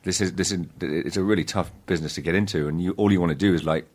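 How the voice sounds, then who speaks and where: Very deep-voiced man telling stories haltingly. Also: steady tone, a little mellow. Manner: halting, self-interrupting, self-deprecating storytelling. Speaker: guest actor. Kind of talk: casual podcast interview.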